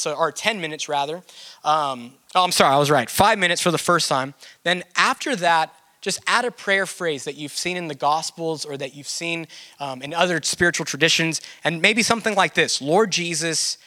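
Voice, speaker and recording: A man gives a relaxed but earnest teaching to a church group. His voice sits a bit high with a bright, forward tone. He talks conversationally and often drops in "man". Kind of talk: sermon teaching.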